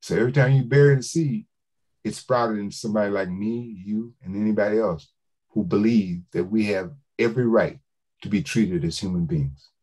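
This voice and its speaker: Emphatic older man with a low voice. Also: normal speed, darkish tone, slightly rough, low-quality recording. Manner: emphatic preacher-like cadence, rising to declamation. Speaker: author speaking to a book club. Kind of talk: public speaking, storytelling.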